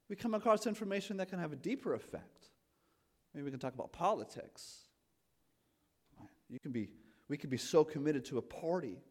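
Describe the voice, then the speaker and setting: A man in his thirties preaching a Sunday sermon in a conversational, self-deprecating way. His voice sits a little high for a man. He peppers the congregation with questions and swings from soft, low asides to loud, emphatic bursts. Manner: chatty, self-deprecating, asks the audience questions. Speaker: pastor.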